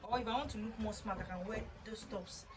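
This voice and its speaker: A young woman, chatting excitedly to camera as she unboxes gifts, gushing and laughing often. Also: mid-range voice, brisk, noisy background. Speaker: vlogger unboxing birthday gifts. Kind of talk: excited casual chat to camera.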